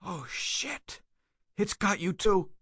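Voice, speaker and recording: A man voicing a badly burned diver who screams in shrill, desperate agony. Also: expressive, slow, a bit bright, husky, no echo, studio quality, exaggerated voice. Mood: panicked.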